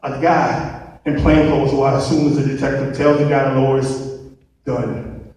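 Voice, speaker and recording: Animated profane storyteller in an echoing hall. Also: male voice, mid-range voice, moderate pace. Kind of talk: live stage storytelling. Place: large hall on stage. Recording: echoey hall, distant mic.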